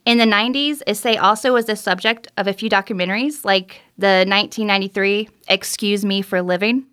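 A woman's voice: medium pitch, fairly quick, a bit bright, clear, resonant tone. Giggly, candid woman podcast host. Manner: giggly, candid, self-deprecating. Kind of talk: casual chat, telling a story.

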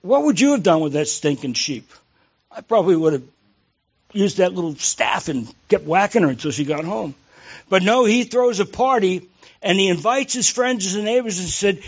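A man's voice: high voice, slightly rough, dull audio. A man preaching a sermon in a conversational, joking way, often asking his listeners questions. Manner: jokey, conversational, asks the congregation questions. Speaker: pastor.

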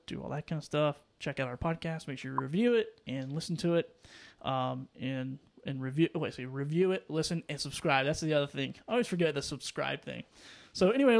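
A man's voice: on the high side, vocal fry. A man co-hosting a live fishing stream, chatting loosely and greeting viewers by name. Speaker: co-host of a live fishing show. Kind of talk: casual live-stream chat.

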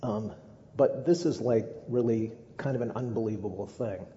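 Guy pastor preaching casual and jokey, dark mellow voice, dull muffled echoey recording. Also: fairly low pitch, normal speed. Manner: conversational, with humorous asides. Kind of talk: sermon.

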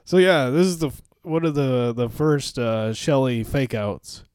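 A man's voice: mid-range voice, unhurried, clean tone, no echo, clean studio sound. A man co-hosting a podcast, retelling a movie plot in casual chat, laughing and swearing often. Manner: laughing, profane, animated retelling. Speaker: podcast co-host.

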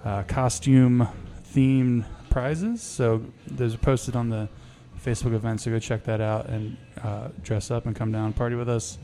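A man's voice: mid-range voice, fairly even intonation, normal speed, few pauses, dark tone. Upbeat man announcing events. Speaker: brewery podcast co-host. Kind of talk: casual podcast chat.

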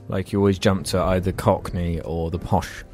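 A man's voice: sits low, steady tone, measured pace, a little mellow, soft background music. A man, chatting casually on a podcast with many fillers and jokes, reading out viewer questions. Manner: hesitant, joking, many fillers. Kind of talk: casual chat.

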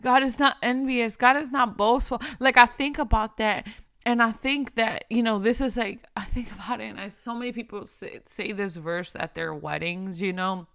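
A woman's voice: a little high, moderate pace, creaky, fairly bright tone, smooth, no echo. Woman doing a casual devotional talk, earnest, keeps repeating lines, dry close sound. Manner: earnest, repeats phrases for emphasis. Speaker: devotional speaker.

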